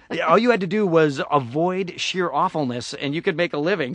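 A middle-aged man from Syracuse, New York, a voice actor appearing as a guest, chats loosely in a casual interview. His voice is on the high side and a bit bright, at normal speed with no room sound, and he jokes around, slipping into playful put-on voices and impressions.

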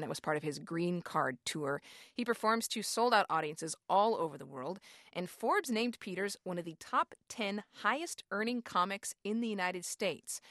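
A woman hosting a radio interview, asking questions in a measured, probing way. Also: low-pitched, a bit bright, no room sound, clean studio sound. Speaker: radio host.

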